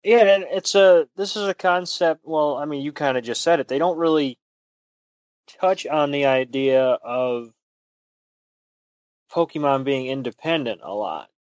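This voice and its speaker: A man's voice: a little high, measured pace, no echo, highs cut off. A man co-hosting a casual podcast, teasing his partner dryly and thinking aloud with lots of ums. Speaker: podcast co-host.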